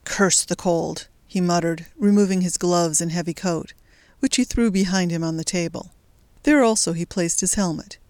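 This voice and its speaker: Audiobook narrator, woman, low voice, measured, close and dry. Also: a little mellow, no room sound. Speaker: audiobook reader. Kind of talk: scripted narration.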